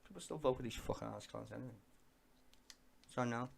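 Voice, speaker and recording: Gravelly, sweary man. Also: medium pitch, a little fast. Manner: sweary, ranting and sardonic. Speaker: live streamer. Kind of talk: profane live-stream political commentary.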